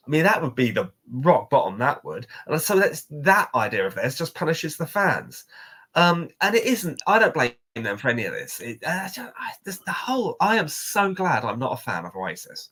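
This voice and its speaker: A man with a husky voice, co-hosting a podcast and going on an animated, sweary rant. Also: fairly high pitch, normal speed. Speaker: podcast co-host.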